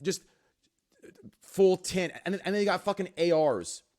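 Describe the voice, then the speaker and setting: A man on a podcast, talking casually and excitedly, stammering and swearing. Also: high voice, a little slow.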